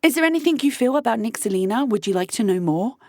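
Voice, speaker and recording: A woman voicing a smooth, flattering female AI chat assistant in a lowered, soothing tone. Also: fast, no room sound, clean studio sound. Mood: praising.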